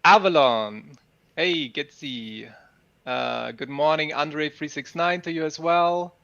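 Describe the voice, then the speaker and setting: A man's voice: fairly high pitch, takes it slowly, gravelly, pushed and bright, no echo. A man hosting a casual livestream, upbeat and greeting chat viewers by name. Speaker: livestream host. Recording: dull lo-fi sound.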